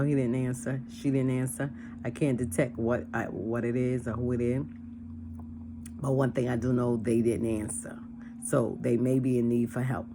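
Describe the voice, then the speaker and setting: A woman's voice: a bass voice, noisy background. A woman from a church, talking casually and plainly, repeating her points and acting out phone calls as she explains. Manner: animated, acts out phone calls and dialogue. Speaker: church member leading a discussion. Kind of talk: casual chat.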